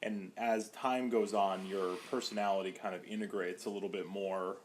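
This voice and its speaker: A young man with a fairly low voice talks through his work as a counselor in a relaxed podcast chat. He leans on "like" and "you know" all the time. Now and then he acts out the voices he quotes. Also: normal speed, slight background noise. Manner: chatty, many "like" fillers, acts out quoted voices. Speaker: podcast guest, psychotherapist. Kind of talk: casual podcast conversation.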